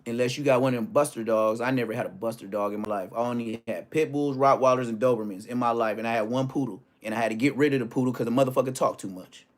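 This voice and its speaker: Male streamer, mid-pitched, brash and profane, with street-slang storytelling that swings from hushed to loud. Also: fast talker, few pauses. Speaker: livestream host. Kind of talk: casual profane livestream rant.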